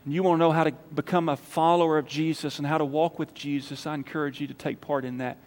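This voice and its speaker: A man preaching a sermon as pastor, emphatic, swinging between loud calls and quiet appeals. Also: fairly high pitch, level tone, quick pace. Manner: emphatic, rising to loud calls then dropping soft for prayer. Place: church sanctuary. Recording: church hall reverb.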